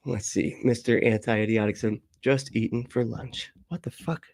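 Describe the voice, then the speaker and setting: A man's voice: medium pitch, steady tone, normal speed, darkish tone, dry recording. A man in his late thirties hosting a casual livestream, rambling through chat comments with frequent laughs and casual swearing. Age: late 30s. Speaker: livestream host.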